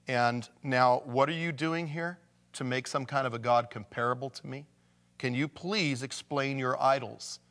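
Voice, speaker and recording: Male pastor, mid-pitched, chatty sermon delivery with scripture readings, long hall echo. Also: a bit bright. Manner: conversational preaching, reads scripture aloud with emphasis.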